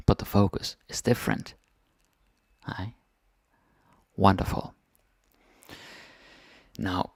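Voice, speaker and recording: Low gravelly man teaching grammar. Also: no echo, clean studio sound. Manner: relaxed, often checks in with "right?". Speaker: Danish language teacher. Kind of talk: casual grammar lesson.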